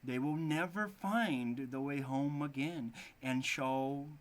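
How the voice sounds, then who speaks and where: A man voicing a cold, scheming stepmother in a storybook reading, loud and scolding. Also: rumbling low, takes it slowly.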